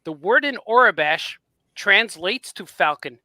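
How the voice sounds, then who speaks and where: A man with a high, very bright and edgy voice tells a long story, acting out both sides of the exchange. His voice sounds close and dry, with no room around it. He keeps the tale animated throughout. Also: a little slow, dry recording. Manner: animated storyteller, acts out quoted dialogue. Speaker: podcast host. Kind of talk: casual chat, storytelling.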